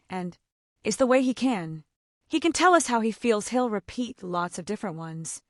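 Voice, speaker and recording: A woman's voice: mid-range voice, expressive, normal speed, dry recording, clean studio sound. A mother of autistic children giving casual advice, chatty and full of "like", acting out the conversations she describes. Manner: chatty, fills speech with "like", acts out quoted dialogue.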